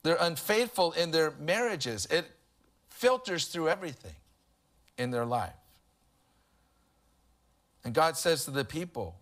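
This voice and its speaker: A man delivers a sermon in a relaxed, talkative way. His voice sits a little high, and he drifts into humorous everyday stories as he preaches. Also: measured pace, long pauses. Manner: conversational preaching with humorous anecdotes. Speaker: pastor.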